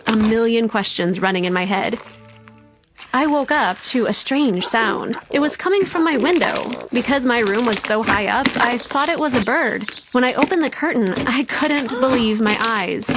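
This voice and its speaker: A woman narrating a first-person story in a wide-eyed, excited way. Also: fairly high pitch. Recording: loud clicking noise behind.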